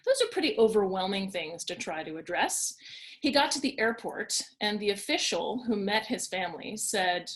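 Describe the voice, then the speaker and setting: A woman's voice: medium pitch, expressive, normal speed. A woman presenting an online workshop from her home, talking in an upbeat, conversational way and telling stories. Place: home in Washington, D.C.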